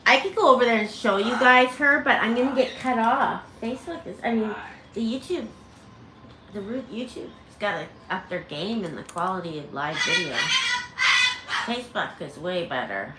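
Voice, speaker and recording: A woman's voice: a little high, lively intonation, moderate pace. A woman hosting a casual livestream about her parrots, chatting with viewers and laughing as she imitates bird screams. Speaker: parrot channel host. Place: home full of parrots. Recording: echoey room with loud background noise. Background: parrots squawking.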